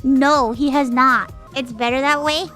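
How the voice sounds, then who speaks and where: A woman streamer chatting casually into a close mic, her voice high and bright. She tells a story with lively energy and keeps slipping into the voices of the people in it. Faint music plays softly behind her. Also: a little slow. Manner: animated storytelling, often slipping into voices of family members.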